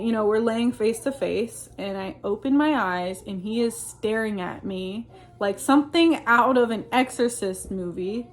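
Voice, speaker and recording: Earnest woman telling a personal story. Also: fairly high pitch. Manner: earnest, rambling, many fillers and restarts; uses religious Christian phrasing. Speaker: vlogger recounting personal experiences. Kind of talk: casual storytelling monologue.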